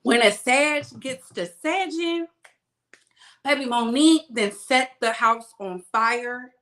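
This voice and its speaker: A woman's voice: fairly high pitch, slow pace, a bit bright. A young woman hosting a celebrity gossip channel, giving sassy, emphatic commentary and drawing out words for effect.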